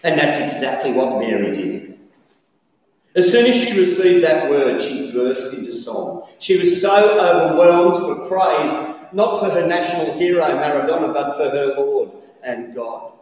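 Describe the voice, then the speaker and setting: A man preaching a lively sermon, telling stories with sudden shouted bursts. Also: a little high, measured pace. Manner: animated storytelling, bursts of shouting. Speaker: pastor. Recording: echoey hall, distant dull mic.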